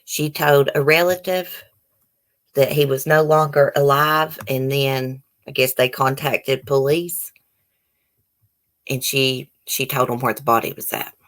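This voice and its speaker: A woman's voice: rumbling low, steady tone, a little slow. A woman hosting a live stream. She reads news articles aloud and breaks off into heated, indignant commentary and casual chat with viewers. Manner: chats directly with live viewers, casual and rambling. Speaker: channel host.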